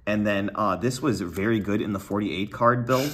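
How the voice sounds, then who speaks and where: A young man giving a casual deck breakdown, talking quickly with lots of fillers and going a little out of breath. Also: fairly low pitch, husky. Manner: quick, filler-heavy, trails off quietly. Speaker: deck profile presenter. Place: card tournament venue.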